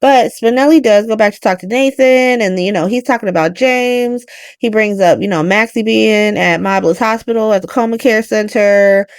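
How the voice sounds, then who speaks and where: A woman's voice: medium pitch, normal speed, clear, resonant tone, dry recording, clean studio sound. A young woman recapping soap episodes in casual chat, ranting, swearing and talking straight at the characters. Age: young adult. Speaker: soap opera recap host.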